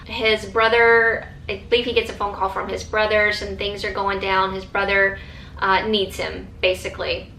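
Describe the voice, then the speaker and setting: A woman's voice: mid-range voice, little pitch movement, moderate pace, bright, forceful tone, echoey room, slight background noise, rough recording. A woman vlogger chatting casually and eagerly about books, with lots of fillers and restarts. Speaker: book vlogger. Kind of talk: casual chat.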